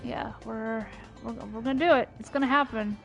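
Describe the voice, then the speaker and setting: Gravelly-voiced woman gaming and chatting. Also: on the high side, moderate pace, fairly bright tone, lo-fi sound, soft background music. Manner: laughing, swears, distracted by play. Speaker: streamer playing the game. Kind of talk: casual chat while gaming.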